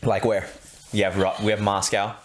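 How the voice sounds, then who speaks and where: A man's voice: fairly low pitch, level tone, moderate pace. A young man co-hosting a casual podcast, easygoing and enthusiastic. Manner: easygoing, enthusiastic, laughs along. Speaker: podcast co-host.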